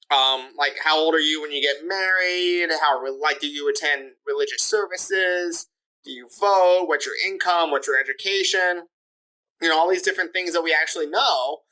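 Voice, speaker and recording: A man talks as a guest on a podcast, and his voice has a bright, forceful edge. He explains his points in a loose, chatty way and fills his sentences with "like" and "you know." He often poses quick questions and then answers them himself. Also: a little high, low-quality recording. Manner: talkative, leans on "like" and "you know" fillers; lays out points step by step with rhetorical questions. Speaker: podcast guest discussing immigration. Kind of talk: casual explanatory interview talk.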